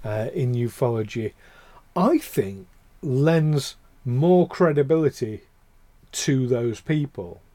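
A man's voice: mid-range voice, expressive, slow pace, mellow, no echo. A man co-hosting a podcast in casual chat, rambling and getting heated, with the odd swear. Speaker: podcast co-host.

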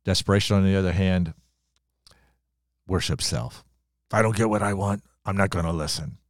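An older man, a pastor, preaching a sermon in earnest, with dramatic pauses and slowed emphasis. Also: deep voice, no room sound, studio quality.

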